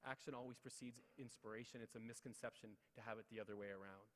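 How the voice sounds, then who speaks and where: A middle-aged man giving a humorous motivational talk at an awards ceremony, telling a family story with animated, self-deprecating asides to the crowd. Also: on the low side, fast. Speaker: guest speaker at an awards ceremony. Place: large hall. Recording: long hall reverb.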